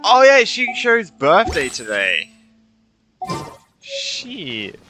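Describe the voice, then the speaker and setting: A man streaming a game in casual chat, out of breath, reacting excitably and swearing. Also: sits high, extremely slow, over music. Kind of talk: casual live-stream chat while gaming.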